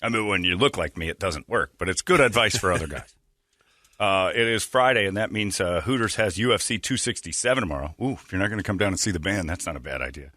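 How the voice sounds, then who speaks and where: A man's voice: low voice, animated, quick pace, bright, forceful tone, no room sound. A man hosting a morning radio show, bantering casually with a joking, irreverent manner and laughing at his own stories, into a studio mic. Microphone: studio broadcast mic.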